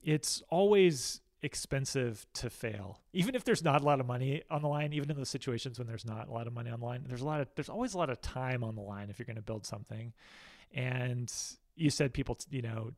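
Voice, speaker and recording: A man's voice: medium pitch, fairly quick, darkish tone, no room sound. A man with an American accent speaking as an interview guest in a candid, rambling, self-deprecating way. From United States. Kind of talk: casual interview talk.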